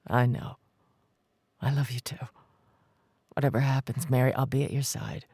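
A reader voicing a determined man who speaks calmly and firmly, refusing to back down. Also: moderate pace, breathy edge, no echo. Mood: tender. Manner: calm, firm, low-key. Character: determined man, calm, insistent, devoted. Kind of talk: audiobook character voice.

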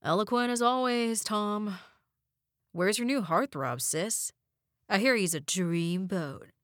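A woman voicing a sarcastic, sneering adult brother who drags out his words in a slow, mocking drawl. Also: mid-range voice, fairly bright tone, no room sound, studio quality. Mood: teasing.

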